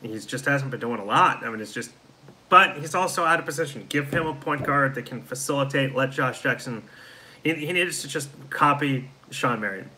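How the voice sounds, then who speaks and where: A man's voice: mid-range voice, moderate pace, bright, forceful tone, a little hiss or hum, low-quality recording. A man hosting a live show in casual chat, reading out viewer comments and answering them in a tired, let-down way. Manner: frustrated, deflated fan talk. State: tired, yawning. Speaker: host of a live fan show.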